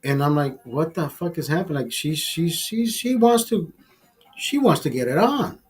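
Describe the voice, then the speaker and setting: A man's voice: fairly high pitch, lively intonation, normal speed, darkish tone, breathy edge. A man hosting a livestream, telling a crude, bitter story with heavy swearing. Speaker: livestream host. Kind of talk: profane storytelling rant.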